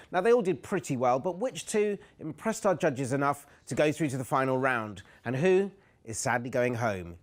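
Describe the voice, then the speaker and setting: Upbeat game show host. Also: male voice, fairly high pitch. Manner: playful, upbeat presenter patter. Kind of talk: presenting a comedy game show.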